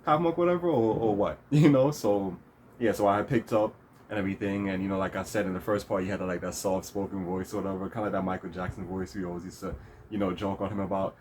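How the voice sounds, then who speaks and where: A man's voice: low-pitched, fairly even intonation, fast, a little mellow, a little hiss or hum. A man hosting his own vlog, telling a story in a rambling casual way with lots of fillers and restarts. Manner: rambling, many fillers and restarts, laughs often. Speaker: vlog host.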